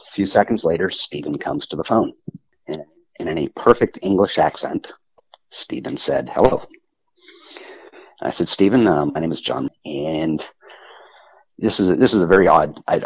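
Deep, raspy male guest, halting storyteller, dry close muffled recording. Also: no room sound. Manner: halting, with frequent restarts and pauses. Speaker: interview guest telling his story. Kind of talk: personal storytelling. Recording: muffled lo-fi audio.

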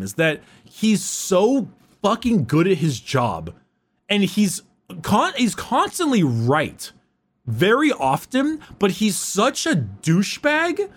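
An excitable man geeking out over fantasy lore on a podcast, cursing and tripping over his own restarts. His voice sits a bit high and swings widely in pitch as he gets carried away. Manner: excited, swearing, with many restarts and laughs. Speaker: podcast co-host. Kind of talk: casual chat about fantasy lore.

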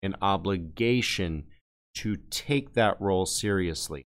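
A man hosting a podcast panel discussion, relaxed and folksy, with frequent fillers and restarts. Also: low voice, unhurried. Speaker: podcast host.

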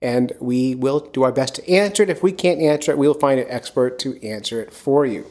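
A man's voice: mid-range voice, a little fast, dark tone. A man from the Philadelphia area hosting a podcast, chatting and joking in a casual way. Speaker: podcast host.

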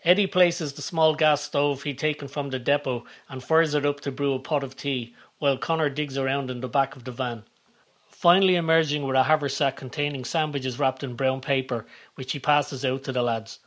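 A man reading a scripted comedic story, calm and measured in his narration. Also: medium pitch. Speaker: narrator and author of the series.

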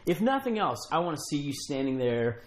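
A man's voice: on the high side, sing-song, fairly quick. A man hosting a casual interview, chatting in a rambling, storytelling way. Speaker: podcast host. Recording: echoey room, faint noise.

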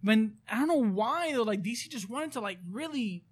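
A young man in casual chat, excitable and laughing, with lots of fillers and swearing. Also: very high-pitched, brisk, breathy edge.

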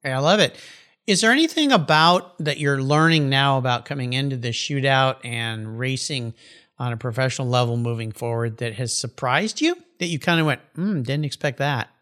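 A man's voice: mid-range voice, animated, normal speed, a bit bright. A man hosting an interview, asking long, loosely built questions and giving short affirmations. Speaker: show host, interviewer.

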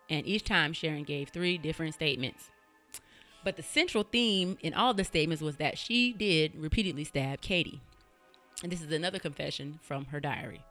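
A woman's voice: low voice, a bit bright. A woman hosting a podcast, telling a true-crime story in a casual, blunt way and swearing freely. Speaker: podcast host.

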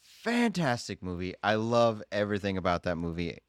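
A man's voice: fairly low pitch, sing-song, normal speed, smooth, no echo, clean studio sound. A man co-hosting a casual movie podcast, joking and gushing with enthusiasm. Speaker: podcast co-host.

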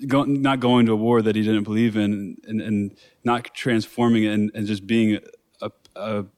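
Male podcast co-host, low voice, reflective and questioning. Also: darkish tone. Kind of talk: casual chat.

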